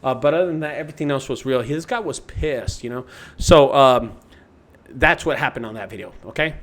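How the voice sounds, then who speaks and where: A man's voice: medium pitch, a little fast, fairly bright tone. A man, the owner of a junk removal business, chatting loosely with his livestream viewers. He swears a lot, rambles and often restarts his sentences. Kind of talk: casual livestream chat with viewers.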